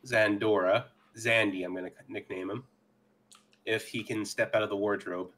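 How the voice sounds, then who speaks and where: Low-voiced man playing a tabletop game. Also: steady tone, normal speed, a bit bright, slight background noise. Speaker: player. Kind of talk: casual tabletop game play.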